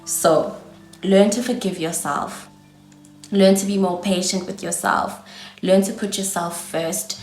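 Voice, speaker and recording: Talking to camera, a twentysomething woman with a South African accent offers warm, chatty advice and addresses her viewers as "darling." She speaks a little slowly in a steady, medium-pitched, somewhat dark voice, with an echoey room and soft music underneath.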